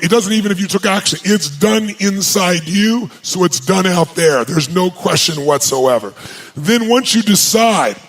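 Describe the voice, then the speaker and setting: A man's voice: high voice, fairly bright tone. A man giving an emphatic motivational seminar talk to a live audience in a large venue, firing questions at the crowd. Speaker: motivational speaker.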